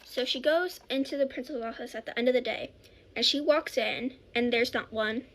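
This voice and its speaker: A woman's voice: on the high side, fairly quick, slight background noise. A woman telling a childhood story in a casual, rambling way, often correcting herself. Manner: rambling, self-correcting, animated.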